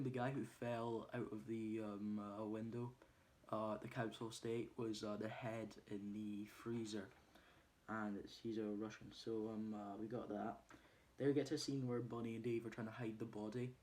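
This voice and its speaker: A man's voice: fairly low pitch, little pitch movement, normal speed, darkish tone. A man casually retelling a film plot, hesitating often with ums and uhs. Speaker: movie reviewer.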